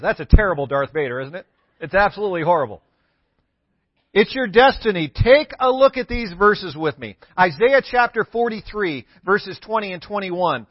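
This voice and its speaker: Man, pastor, sermon, high-pitched, emphatic, dull lo-fi recording. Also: lively intonation, normal speed, dry recording. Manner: emphatic, repeats key words for stress. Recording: dull lo-fi sound.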